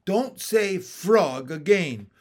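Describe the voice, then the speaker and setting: A man's voice: sits high, animated, very slow, pitched above the performer's own voice, full character voice. A man reading a storybook aloud and voicing a rude, blunt, hostile big toad.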